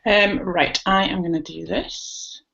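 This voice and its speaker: A woman with a fairly low voice presents to fellow teachers over an online call, chatty and a little self-deprecating. The sound is dull and lo-fi. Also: fairly even intonation, slow pace, gravelly, fairly bright tone. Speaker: language teacher. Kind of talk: webinar presentation.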